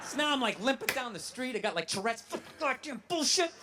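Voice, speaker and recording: Guy on stage doing stand-up, really high voice, swears a lot and rants, faint hiss behind. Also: very animated, a little fast. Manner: profane, ranting storytelling. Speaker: stand-up comedian. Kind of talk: stand-up comedy set. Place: comedy stage before a live audience.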